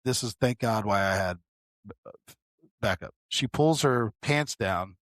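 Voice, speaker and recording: A sheriff's deputy who co-hosts a podcast tells a work story casually, swearing, getting animated and calling the listener "bro" a lot. His voice is on the low side and unhurried. The recording is dry and studio quality.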